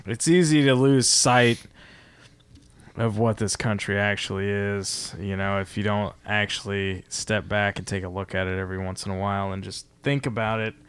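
A man's voice: lowish voice, steady tone, normal speed, smooth. A man hosting a podcast, talking in a rambling, casual way with lots of fillers and swearing. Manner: rambling, profane, many fillers. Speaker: podcast host. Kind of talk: casual chat.

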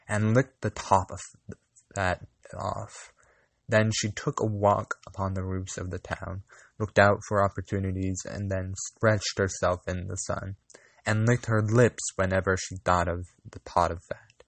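Slow, low-voiced man reading a fairy tale. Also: no room sound. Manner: slow, deliberate reading with small restarts. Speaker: reader. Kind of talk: storybook reading aloud.

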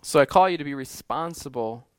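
A man's voice: fairly high pitch, animated, a little fast, clear, resonant tone, no room sound, studio quality. A man preaching a sermon in an earnest way, often restarting phrases and building to emphatic lists. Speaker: pastor.

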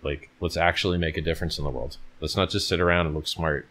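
A man with a remarkably low, deep voice hosts a casual livestream. He sounds tired and talks bluntly, swearing freely as he reads out chat questions and answers them in a loose, conversational way. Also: fairly even intonation, quick pace, sharp tone. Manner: blunt, profane, reads viewer questions aloud.

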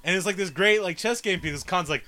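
A man co-hosting a casual film podcast, talking animatedly and acting out movie scenes in quick quoted voices. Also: sits high, a crowd in the background. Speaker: podcast co-host.

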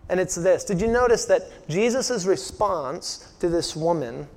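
A man with a fairly high voice delivers a sermon. He keeps it conversational, tossing rhetorical questions to the congregation. He often drops to a quiet, intense tone to stress a point. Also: normal speed, gravelly, few pauses. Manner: conversational preaching with rhetorical questions, dropping soft for emphasis. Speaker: pastor.

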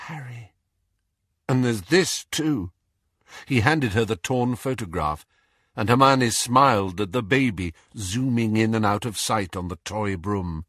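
A man narrating an audiobook in a husky, slightly breathy voice that moves widely up and down. He reads expressively, stretching some phrases and rushing others. The sound is dry and close. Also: lowish voice, no room sound. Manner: expressive storytelling, shifting pace for tension. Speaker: audiobook reader.

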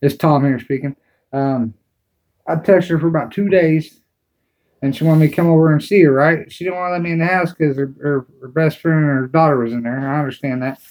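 A man chatting on a podcast, telling a story in a loose, conversational way. His voice is a little high. He keeps it casual. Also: fairly quick, a little mellow, poor audio. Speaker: podcast co-host. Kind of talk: casual chat.

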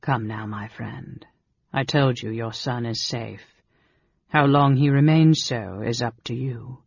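A cool, softly mocking dark elf sorcerer, as a male narrator puts him on, his husky, gravelly voice kept low and unhurried. The audiobook recording is dull and lo-fi, dry and close. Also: no room sound, exaggerated voice. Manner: calm, dry, condescending.

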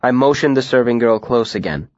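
A man narrating a story in the first person, in an even, measured way. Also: mid-range voice, dry recording, dull audio. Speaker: audiobook narrator.

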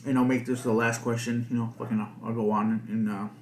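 A man's voice: medium pitch, little pitch movement, a little fast, a little hiss or hum. Rambling, foul-mouthed male podcaster. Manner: rambling, heavy swearing and filler words. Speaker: podcast host. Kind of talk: casual podcast monologue. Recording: echoey room.

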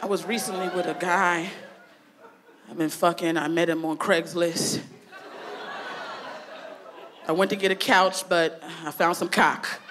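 A woman performing a stand-up comedy routine, brash and profane, shouting her punchlines. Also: fairly low pitch, steady tone, measured pace, pauses often, crowd noise, noisy background. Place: festival comedy stage.

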